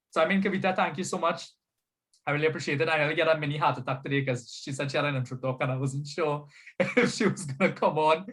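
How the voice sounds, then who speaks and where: A man's voice: on the high side, fairly bright tone. A man, a spiritual coach hosting an online workshop over a video call, chatty and upbeat, often asking "right?". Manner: chatty, upbeat, repeats "you understand?" and "right?". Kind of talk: casual online workshop talk.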